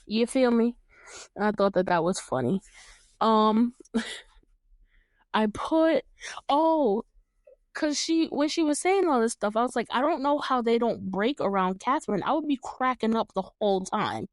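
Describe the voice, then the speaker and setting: Her voice is fairly high and animated but unhurried, in a dry, studio-quality recording. The young podcast host from New York keeps the chat casual and lively, laughing often and swearing freely.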